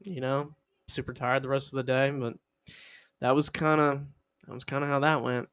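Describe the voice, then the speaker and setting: A man's voice: little pitch movement, normal speed, fairly bright tone, smooth. A young man co-hosting a podcast, telling a rambling, jokey story in casual chat. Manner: rambling, jokey, acts out quotes in a high squeaky voice. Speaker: podcast co-host.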